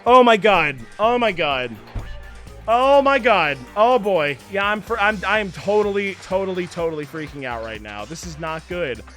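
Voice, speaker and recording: A man's voice: sits high, lively intonation, normal speed, faint music behind. A young man live-streaming a video game and talking to his chat, frantically exasperated one moment and deflated the next. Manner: frantic, swings from exasperated shouting to deflated mumbling.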